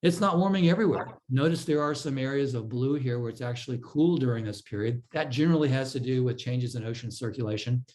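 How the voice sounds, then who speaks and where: A man giving an explanatory slide presentation to a club, pausing with fillers and restarting phrases. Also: medium pitch, mellow, low-quality recording. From California. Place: club meeting room.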